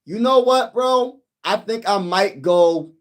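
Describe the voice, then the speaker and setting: Excitable young man on a sports livestream. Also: high-pitched, slow. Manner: excitable, talks to viewers as "y'all", sings snippets. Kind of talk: casual live chat reading comments.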